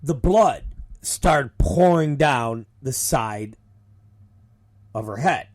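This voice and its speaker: A male show host and wrestling promoter, telling a story casually in a profane, animated way. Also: medium pitch, very slow. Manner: animated, profane, acts out the people in his stories.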